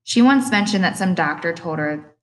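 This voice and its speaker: A woman reads an audiobook in the first person, with an expressive, reflective storytelling manner. Her voice sits a little lower than most women's. She shifts easily between narration and quoted speech. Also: normal speed.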